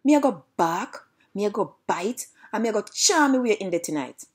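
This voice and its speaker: A woman's voice: mid-range voice, sing-song, normal speed, husky. A woman voicing a big bad hungry male dog in a storybook, swaggering and boastful in Jamaican patois.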